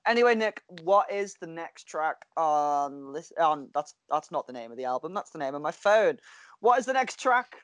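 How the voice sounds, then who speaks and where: A chatty woman co-hosting a casual talk over a video call. She tells stories with lively energy and laughs often. The sound is dry and close. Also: low-pitched, normal speed, no echo. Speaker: podcast co-host. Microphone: headphones and mic on a video call.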